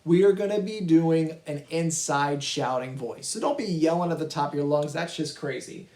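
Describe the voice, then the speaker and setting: A man's voice: fairly high pitch, moderate pace, darkish tone. A male music teacher giving a virtual kindergarten lesson, patient and encouraging as he talks to young children and their families. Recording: echoey room.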